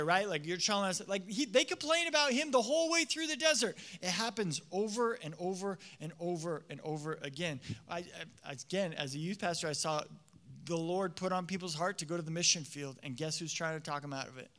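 Bright high-voiced male pastor preaching. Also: moderate pace. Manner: animated, acts out quoted voices, many fillers. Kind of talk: sermon.

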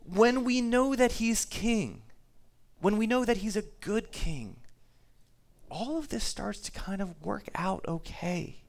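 A man's voice: sits high, slow, gravelly. A man preaching a sermon to his congregation, talking easily, reading scripture aloud and repeating himself now and then. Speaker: pastor.

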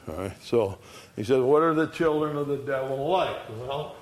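A man's voice: mid-range voice, unhurried, a little mellow. A man teaching an adult Bible study in a folksy, conversational way, often checking in with the class.

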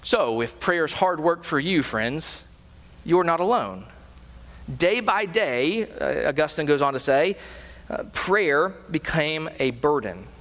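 A man preaching a sermon as a pastor, animated, with frequent rhetorical questions. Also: fairly high pitch, slow. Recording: reverberant hall.

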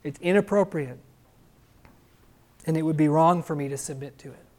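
A man's voice: fairly high pitch, moderate pace, darkish tone, lightly acted. A male preacher voicing a stubborn, impetuous apostle who emphatically and indignantly refuses, in a sermon.

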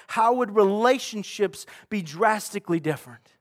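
High-voiced preaching man, loud and hushed. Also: lively intonation, moderate pace. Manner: earnest preaching, swings from loud emphasis to hushed. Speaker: pastor. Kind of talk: sermon.

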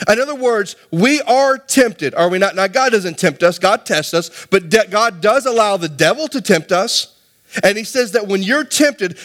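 A man's voice: high voice, a bit bright. A middle-aged man preaching a sermon to his congregation in a conversational way, asking them rhetorical questions. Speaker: pastor.

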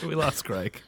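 Bright, lively male podcast co-host. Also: a little high, gravelly, husky. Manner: playful, laughs often. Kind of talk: casual podcast chat.

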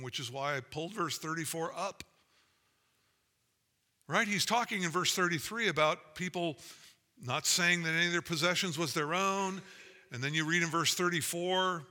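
A man's voice: on the high side, animated, moderate pace, pushed and bright. A man preaching a sermon as pastor, earnest and building to emphatic, rising passages. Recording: long hall reverb.

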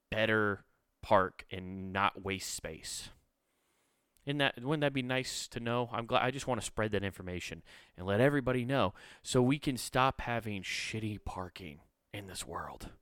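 A man's voice: fairly bright tone, clear, resonant tone, dry recording, clean studio sound. A man hosting a solo podcast, ranting with plenty of swearing and mocking others now and then in a sneering voice. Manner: profane, ranting, mocks others in a high sneering voice. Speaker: podcast host.

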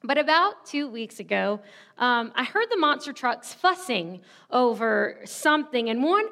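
A woman's voice: on the high side, very animated, a little slow, pushed and bright. A woman in her thirties preaching a sermon, telling a candid personal story in a self-deprecating way. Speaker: pastor.

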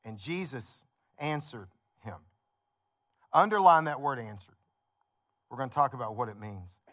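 A man's voice: medium pitch, expressive, a little slow, fairly bright tone. A male pastor preaching a sermon in a conversational, story-telling way, building points with repeated phrases.

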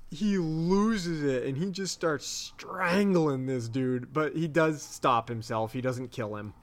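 A man's voice: fairly high pitch, slow pace. A young man co-hosting a podcast, recapping an episode in a rambling, unsure way with many fillers. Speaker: podcast co-host.

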